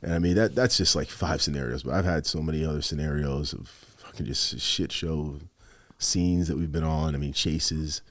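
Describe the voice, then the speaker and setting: A man, a former police officer, telling stories on a podcast in a casual, animated way, swearing a lot and acting out what he said at the time. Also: extremely low pitch, normal speed. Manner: animated, heavy swearing, quotes himself. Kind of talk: casual storytelling.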